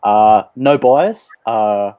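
A man on a sports panel, telling jokes in a dry, deadpan way. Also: fairly low pitch, very slow, clean tone, dry recording, narrow, tinny audio. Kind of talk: casual panel chat.

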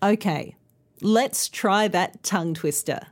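A woman hosting a pronunciation lesson podcast, speaking slowly and carefully enunciating each sound. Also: medium pitch, big pitch swings, a little mellow. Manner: slow, clear, carefully enunciated teaching. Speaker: pronunciation teacher and podcast host. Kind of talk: scripted instructional podcast.

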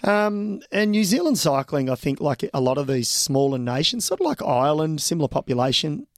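A man, a former pro cyclist co-hosting a podcast, chatting in an animated, joking way. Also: fairly high pitch, fairly quick, no room sound, clean studio sound. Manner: animated, joking, mate-ish banter. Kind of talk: casual chat.

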